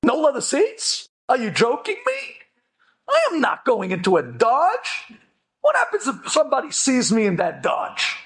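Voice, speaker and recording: A man's voice: very high-pitched, wildly swooping pitch, measured pace, fairly bright tone, heavily acted. A man voicing a vain, snobbish businessman who refuses a cheap rental car. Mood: indignant. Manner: whiny, indignant.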